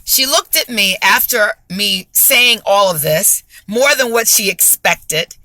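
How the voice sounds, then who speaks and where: A woman giving a spoken faith testimony, emphatic and deliberate, repeating phrases for stress. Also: mid-range voice, expressive, pushed and bright. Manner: slow and deliberate.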